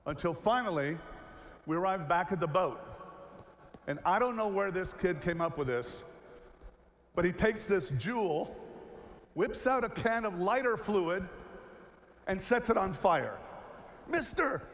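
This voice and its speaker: High-voiced man telling a story on stage. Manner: animated, acts out the characters in his stories. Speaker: keynote speaker. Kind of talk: storytelling speech. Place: large hall, on stage. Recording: long hall reverb, faint noise.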